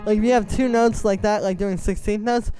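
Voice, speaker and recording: A man, a music producer, explaining melody writing in a relaxed, conversational tutorial, stepping through his points one by one. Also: sits high, brisk. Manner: conversational, explains step by step while playing examples. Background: synth music playing.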